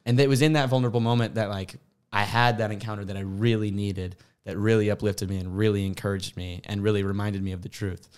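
A man's voice: on the low side, flat delivery, fast, a little mellow, clean tone. A young man co-hosting a faith podcast, talking openly and earnestly in casual slang. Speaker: podcast co-host. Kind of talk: candid faith podcast chat.

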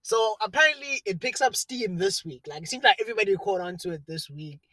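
Young man, co-host, easy animated chat with laughs, high and bright, dry close sound. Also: quick pace, no echo. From South Africa. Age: young adult. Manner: animated, laughs often, trails off into mumbles. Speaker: podcast co-host. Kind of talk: casual chat.

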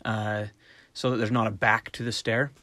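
Relaxed middle-aged man explaining dog training. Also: fairly low pitch, no room sound. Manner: relaxed and conversational, acting out quick voiced examples. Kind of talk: casual instructional talk.

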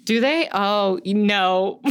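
A young woman co-hosts a casual movie podcast, gushing and swearing as she recaps scenes. She laughs often and acts out the characters' lines in quick bursts. Her voice sits a little low for a woman. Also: heavy background noise. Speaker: podcast co-host.

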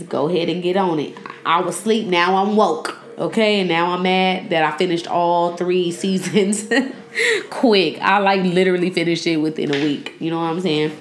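Young woman ranting casually on her podcast, loud and playful, echoey room. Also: on the low side. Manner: loud, joking and animated, talks back to the screen. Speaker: podcast host. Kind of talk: casual chat.

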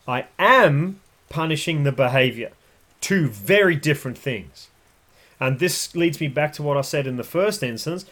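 A man's voice: on the high side, expressive, normal speed, a bit bright. A man hosting a podcast, explaining dog training in a blunt, emphatic way. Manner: blunt, emphatic, acts out voices. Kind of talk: casual explanatory podcast talk.

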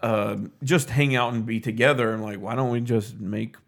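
A man's voice: medium pitch, fairly even intonation, normal speed, gravelly. A young man co-hosting a casual group podcast, rambling with frequent restarts and laughing often. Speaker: podcast co-host.

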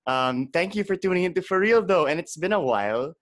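A man's voice: sits high, expressive, brisk, a bit bright. A man hosting a podcast in a casual, chatty way, laughing often, recording over a webcam call. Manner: laughing, chatty, loose filler words. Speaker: podcast host.

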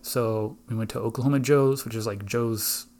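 A man's voice: mid-range voice, steady tone, moderate pace, a little mellow. A man hosting his own podcast, telling rambling, profane stories in casual chat. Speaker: podcast host.

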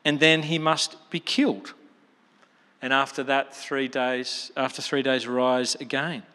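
A man preaching, quoting a calm teacher who plainly explains what lies ahead of him, in his own voice. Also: mid-range voice, measured pace. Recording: long reverb of a large hall.

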